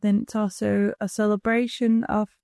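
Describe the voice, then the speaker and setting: A young woman speaking in a measured, thoughtful way about her family. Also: mid-range voice, level tone, creaky, mellow, no room sound, clean studio sound. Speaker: donor-conceived daughter.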